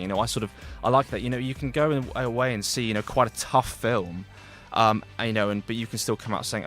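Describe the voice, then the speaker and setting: A young man reviews a film on the radio in quick, rambling speech. His voice sits slightly low and is full of fillers and false starts. Faint music plays under the studio talk. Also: fairly even intonation, fairly bright tone. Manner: rambling, heavy with fillers and restarts.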